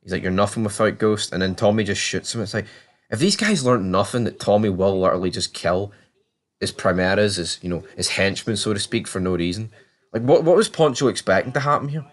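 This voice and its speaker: A man giving a casual, chatty review and recap of a TV season, swearing freely and acting out characters' lines in quick asides. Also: lowish voice, lively intonation. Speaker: TV show reviewer.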